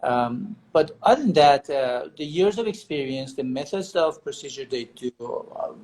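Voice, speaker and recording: A man with a slightly raised pitch speaks over a video call. He is earnest and restarts his phrases, the way a doctor thinks aloud in a casual chat. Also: lively intonation, moderate pace, darkish tone, a little hiss or hum, low-quality recording. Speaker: hair transplant surgeon, guest. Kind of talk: casual live-stream chat.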